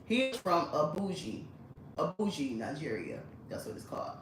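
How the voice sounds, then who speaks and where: Woman, low voice, blunt and chatty storyteller, recorded at a distance in an echoey room. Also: big pitch swings, moderate pace, slight background noise. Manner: blunt, chatty, frequent swearing and laughter. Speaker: vlogger. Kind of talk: casual storytelling.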